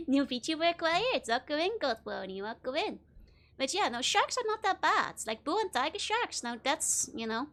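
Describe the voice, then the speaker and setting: A woman streamer talks casually over her game. Her voice sits a little high. She rambles chattily from one bit of trivia to the next and giggles often. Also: a bit bright. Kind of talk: casual live-stream commentary.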